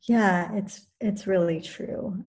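A woman who teaches yoga, talking thoughtfully in a relaxed conversation, pausing and restarting as she works through her points. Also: mid-range voice. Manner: thoughtful, many restarts and fillers. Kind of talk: reflective conversational talk.

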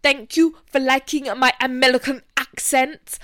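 A woman's voice: high voice, level tone, measured pace, fairly bright tone, dry recording, clean studio sound, voice pushed up. A woman mimicking a young female pop singer. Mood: mock bubbly. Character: young woman pop singer, bubbly, mangled American accent. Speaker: podcast co-host.

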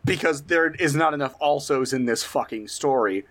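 A man's voice: medium pitch, moderate pace. A man co-hosting a comedy podcast, telling a history story in casual chat, swearing freely and laughing often. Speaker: podcast co-host.

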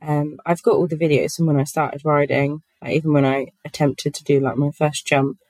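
Guest spot: low-pitched woman, chatty and giggly, dry close-mic sound. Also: little pitch movement, normal speed, darkish tone, no room sound, rough recording. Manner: giggly, chatty, many fillers. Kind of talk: casual podcast chat.

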